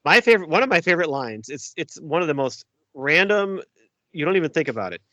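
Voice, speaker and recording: A man's voice: on the high side, very animated, fast, pushed and bright, no room sound, lo-fi sound. A man co-hosting a podcast, chatting casually about a film and acting out its quotes with feeling. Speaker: podcast co-host.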